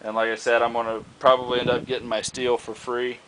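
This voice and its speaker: In a casual outdoor clip, a hobbyist vlogger walks through the target stand he made, rambling with lots of fillers and restarts. He talks quickly in a flat, mid-range voice over background noise.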